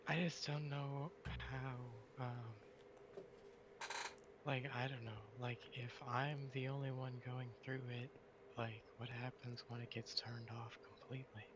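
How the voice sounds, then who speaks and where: A man's voice: medium pitch, level tone, a little slow. A man in casual chat, asking tentative, hesitant questions. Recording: dull slightly noisy audio.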